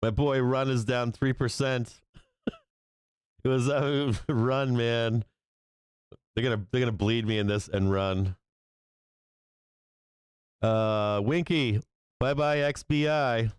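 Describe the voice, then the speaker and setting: A man's voice: medium pitch, steady tone, slow pace, long pauses, smooth, no echo. A man hosting a live stock market stream, swearing a lot and reacting with disbelief and frequent laughter. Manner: profane, incredulous, laughing often. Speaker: stock market livestream host.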